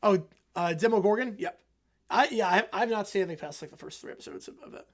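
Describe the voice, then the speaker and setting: A man hosting a casual livestream and rambling through jokes and answers to chat. His voice sits high for a man and carries a lot of bounce. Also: quick pace. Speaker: livestream host.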